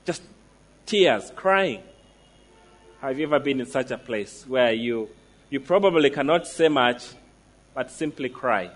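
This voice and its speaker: A man preaching a sermon, emphatic, slowing down to stress declarations and asking the listeners direct questions. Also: medium pitch, lively intonation.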